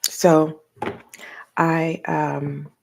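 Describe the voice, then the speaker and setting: An older woman, a tarot reader, chatting casually and rambling, with soft asides. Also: low-pitched, little pitch movement, drawn-out words, creaky, a little hiss or hum. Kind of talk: casual tarot reading talk.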